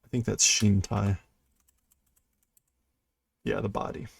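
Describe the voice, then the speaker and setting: A man's voice: on the low side, level tone, takes it slowly, vocal fry, husky. A man live-streaming a read-through of a manga, translating as he goes and thinking aloud, stumbling and correcting himself with light laughs at his own mistakes. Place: indoors at his computer.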